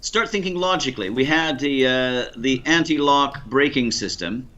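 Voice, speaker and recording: A man with an American Ohio accent running a quiz, dry, deliberate and teasing. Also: mid-range voice, sharp tone, dull audio. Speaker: quizmaster.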